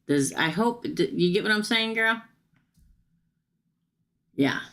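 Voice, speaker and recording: Hoarse middle-aged woman, tarot host on a live stream: slow, chatty, gravelly and low, quick to laugh. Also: expressive, a bit bright. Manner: chatty, laughs often, calls the viewer "girl". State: hoarse, losing her voice. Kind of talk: casual live tarot reading.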